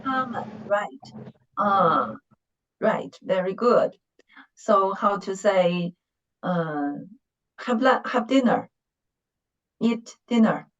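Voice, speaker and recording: A woman teacher leads an online class, unhurried and careful, pausing to praise and repeat words for her students. Her voice comes through a muffled, dull call connection, mid-pitched and even. The pace is very slow and deliberate. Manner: patient, slow, encouraging, models words. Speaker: Mandarin teacher. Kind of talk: online language lesson.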